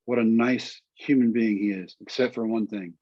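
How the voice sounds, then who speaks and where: A middle-aged man with a husky, slightly low voice tells his story as an interview guest, bringing it alive by quoting people in little voices. The sound is dry and muffled, a bit lo-fi. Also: fairly even intonation, normal speed, no echo. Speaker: guest, former pitcher.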